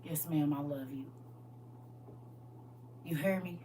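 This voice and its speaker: A woman's voice: low voice, slow, mellow. A woman preaching casually on a live stream, talking to viewers in a folksy, emphatic way and repeating "listen" and "y'all". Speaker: livestream preacher. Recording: slightly distant mic with faint hum.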